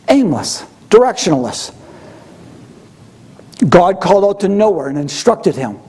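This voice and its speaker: A man delivering a sermon in a conversational, storytelling manner. His voice sits high for a man, yet it is mellow and slightly husky. He often slips into the voices of the people he quotes. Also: big pitch swings, moderate pace. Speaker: preacher.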